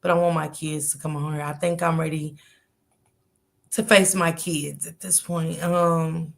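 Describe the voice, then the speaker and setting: A woman's voice: low-pitched, flat delivery, unhurried, gravelly. A woman hosting a casual livestream, chatting and greeting viewers by name in a slangy, chatty manner. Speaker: livestream host.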